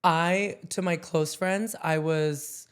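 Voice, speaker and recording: A man's voice: on the high side, steady tone, slow, fairly bright tone, clean tone. A young man co-hosting a podcast, chatting casually through a personal story with many fillers and frequent laughs. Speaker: podcast co-host.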